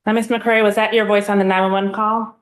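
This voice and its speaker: A woman prosecutor questioning a witness in a courtroom, formal and measured. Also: mid-range voice, little pitch movement. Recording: echoey courtroom.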